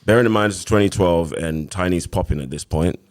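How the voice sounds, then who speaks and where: A man with a London accent in his thirties, a podcast guest telling his story in a casual, animated way. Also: deep voice, measured pace. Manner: animated retelling with acted quotes.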